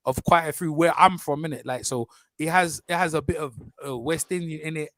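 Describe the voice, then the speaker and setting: A man with a London accent hosting a relaxed, chatty live stream and using street slang. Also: on the high side, brisk, no echo. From England. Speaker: host. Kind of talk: casual live-stream chat.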